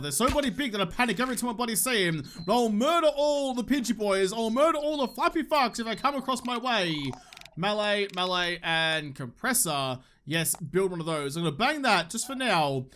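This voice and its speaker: Young Australian man, high bright voice, casual sweary let's-play banter. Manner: joking, swears freely, talks to the game. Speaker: gaming YouTuber.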